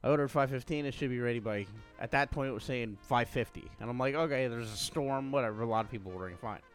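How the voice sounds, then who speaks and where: A man's voice: mid-range voice, quick pace, faint music behind. A man, co-hosting a podcast and telling loose, profane stories in casual chat. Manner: rambling storyteller, loose and profane. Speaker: podcast co-host.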